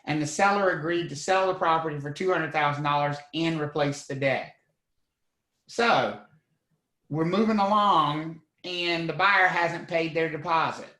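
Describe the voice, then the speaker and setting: A man's voice: on the high side, measured pace, echoey room, low-quality recording. A man teaching a real estate class, quizzing students and acting out courtroom scenes. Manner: lively, asks the class questions, acts out scenes. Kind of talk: live online class lecture.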